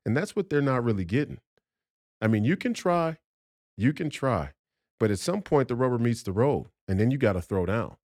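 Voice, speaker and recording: A man's voice: mid-range voice, lively intonation, normal speed, darkish tone, dry recording, studio quality. A man talking as a podcast guest in a heated, profane rant, emphatic and combative, often restarting his sentences.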